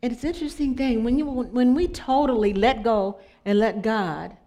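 A woman's voice: a little high, normal speed. Woman giving a conversational sermon. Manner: conversational, asks the audience questions, drops to soft prayerful asides. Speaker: spiritual speaker. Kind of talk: inspirational sermon.

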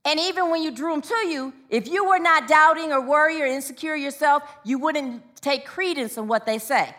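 Bright high-voiced woman preaching a sermon. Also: normal speed. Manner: call-and-response with the congregation; personal storytelling.

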